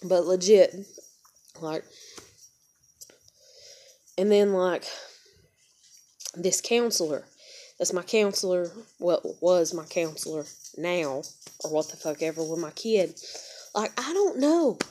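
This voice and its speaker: A woman's voice: on the low side, steady tone, slow pace, long pauses, mellow. A young woman, rambling emotionally and swearing as she searches for words in a personal confession. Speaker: vlogger.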